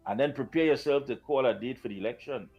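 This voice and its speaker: A man's voice: mid-range voice, quick pace, breathy edge, lo-fi sound, soft background music. A man with a Trinidadian accent co-hosting a live talk show, playful and teasing, repeating phrases. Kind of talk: live radio talk banter.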